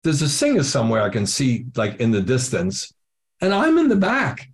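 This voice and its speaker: A man's voice: medium pitch, huge pitch swings, normal speed. An older man, a drummer being interviewed, telling a story with lots of acted-out quotes and casual swearing. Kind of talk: animated anecdote telling.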